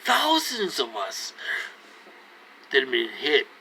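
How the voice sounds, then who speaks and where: A man's voice: medium pitch, wildly swooping pitch, takes it slowly, pushed and bright, a little hiss or hum, poor audio. A man in his forties talking straight to his viewers, earnest and pleading, circling back to the same points over and over. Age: 40s. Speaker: vlogger. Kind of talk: casual direct-to-camera talk.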